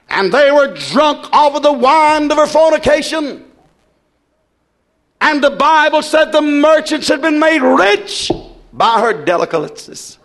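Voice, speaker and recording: Older male preacher, fiery revival delivery, high voice that swings widely, shouting and then dropping low. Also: big pitch swings, slow. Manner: shouting, rising and dropping sharply in fervent preaching.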